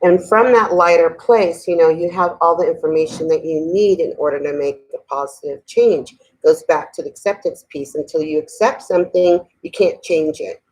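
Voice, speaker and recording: A middle-aged woman teaching a spiritual talk in a conversational way, often asking "okay?", then slowing and softening to lead a guided meditation. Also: sits low, low-quality recording. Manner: slows and softens while guiding breathing.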